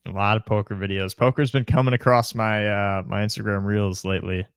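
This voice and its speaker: A young man in casual podcast chat, his voice sitting low and steady. He talks loosely, circling back with restarts and repeated words. The sound is dry and close, with no room in it. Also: fairly quick, vocal fry, smooth, no room sound. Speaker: podcast co-host.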